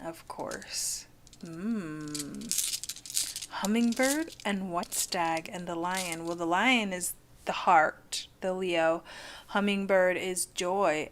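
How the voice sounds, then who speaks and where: A woman's voice: medium pitch, a bit bright, a little hiss or hum. A woman hosting a live-streamed card reading, gushing and chatty and full of "like".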